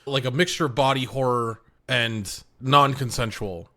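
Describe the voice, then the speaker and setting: A man's voice: mid-range voice, measured pace, gravelly, bright, forceful tone. A man co-hosting a podcast, making his case in an earnest, argumentative way. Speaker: podcast co-host. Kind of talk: casual discussion.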